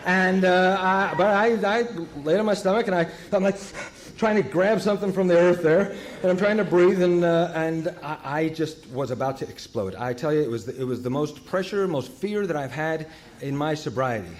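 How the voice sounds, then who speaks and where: A man sharing his recovery story in a humorous, animated way, jumping between loud outbursts and hushed asides. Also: fairly high pitch, normal speed, a little hiss or hum.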